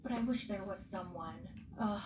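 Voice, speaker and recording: A woman's voice: mid-range voice, normal speed, roomy sound, noisy background. A woman hosting a casual recap show, talking animatedly and bluntly, swearing freely. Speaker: podcast host.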